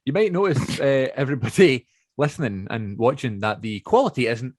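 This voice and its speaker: A man's voice: medium pitch, expressive, moderate pace, a little mellow, no echo, studio quality. A young man hosting a podcast over a video call, chatty and rambling, often correcting himself. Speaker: podcast host. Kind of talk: casual chat.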